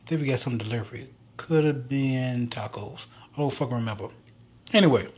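A man's voice: mid-range voice, brisk, darkish tone, slightly rough. A man hosting a podcast alone, telling stories in a rambling, profane, casual way. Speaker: podcast host. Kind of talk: casual solo monologue.

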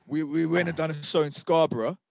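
A man's voice: fairly high pitch, a little fast, vocal fry, no echo. A man, co-hosting a podcast, telling stories in casual slangy chat. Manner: animated storyteller, slangy. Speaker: podcast co-host.

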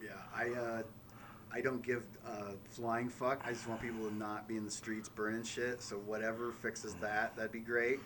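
A man's voice: mid-range voice, moderate pace, background noise. A man co-hosting a podcast, teasing dryly in casual, profane chat. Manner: dry, deadpan teasing.

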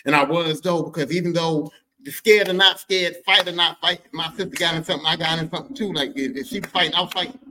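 High-voiced man telling a profane story. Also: fast talker, slight background noise. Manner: animated, profane, shifts into character voices. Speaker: podcast host. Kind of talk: comic personal storytelling.

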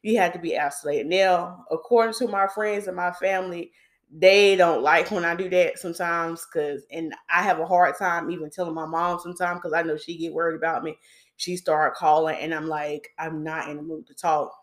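A young woman hosts a personal faith podcast, pitched slightly low. She talks to her listeners like a close friend, casual and confiding, often saying the same thing twice for emphasis. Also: steady tone, normal speed. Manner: chatty, confiding, repeats herself for emphasis. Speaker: podcast host.

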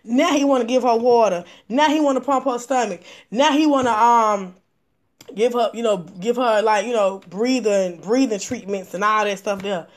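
A woman's voice: on the high side, normal speed. A woman hosting a casual livestream, talking emphatically and repeating herself as her points build. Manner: emphatic and repetitive, building indignation. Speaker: livestream host.

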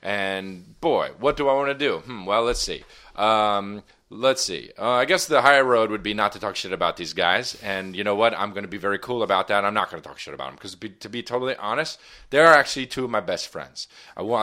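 A man's voice: on the low side, pushed and bright. A man in his thirties from New Jersey, co-hosting a comedy podcast, bossy and mock-indignant as he shushes the others. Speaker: podcast co-host.

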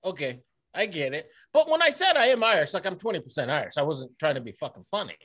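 A man's voice: fairly high pitch, sing-song, fast, a bit bright. A man talking in casual podcast chat, swearing and circling around his points. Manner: swearing, rambling, restarts sentences.

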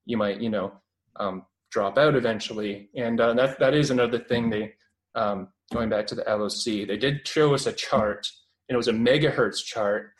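A man's voice: medium pitch, moderate pace, poor audio. Hesitant young Canadian man. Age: 20s. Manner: hesitant, many fillers and restarts. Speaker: guest. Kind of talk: radio interview, recounting experiences.

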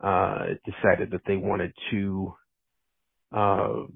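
A man's voice: deep voice, flat delivery, slow, vocal fry, husky, no room sound. A man leaving an earnest voicemail, correcting a detail with many fillers. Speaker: caller. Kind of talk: voicemail message. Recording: tinny phone line.

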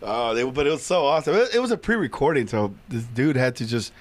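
A man's voice: mid-range voice, fast. A man in his thirties, a podcast co-host, telling stories in casual chat with lots of swearing and laughter. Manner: animated, swearing, laughing storyteller.

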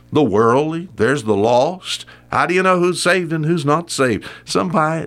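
An older man preaching a sermon in a folksy, repetitive way, rising to emphatic bursts on key words. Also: medium pitch.

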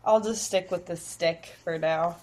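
A woman's voice: on the low side, steady tone, measured pace, darkish tone. A young woman co-hosting a podcast, chatting in a bubbly way and acting out her own reactions. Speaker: podcast co-host. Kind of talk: casual chat.

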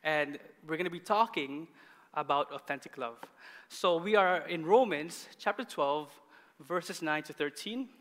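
Bright-voiced pastor man in a reverberant hall. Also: on the high side, measured pace. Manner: animated, laughing storyteller. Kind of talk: sermon. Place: church hall. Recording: long church hall reverb.

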